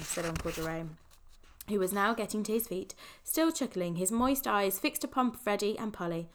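Expressive woman reading a storybook. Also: medium pitch. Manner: measured and expressive, shifting voices for each character. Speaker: audiobook narrator.

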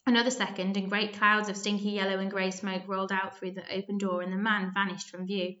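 A woman narrating a children's story aloud, lively and expressive, with small slips. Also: mid-range voice, brisk, dull audio.

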